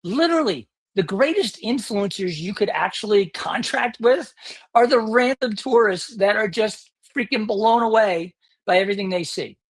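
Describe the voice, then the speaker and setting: A man's voice: high-pitched, normal speed, breathy edge. A man hosting his own podcast, delivering an indignant, sarcastic solo rant. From United States. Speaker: podcast host.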